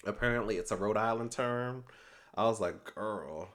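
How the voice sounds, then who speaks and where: Sassy, animated man recapping reality TV. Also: on the low side, moderate pace. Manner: animated and sassy, quotes people with slangy asides. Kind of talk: casual recap commentary.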